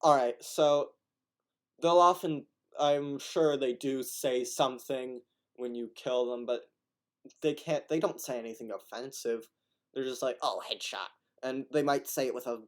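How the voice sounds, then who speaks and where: A man's voice: mid-range voice, measured pace. Rambling man arguing in commentary. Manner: rambling, repeats and restarts words, argumentative. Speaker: commentator reacting to a video.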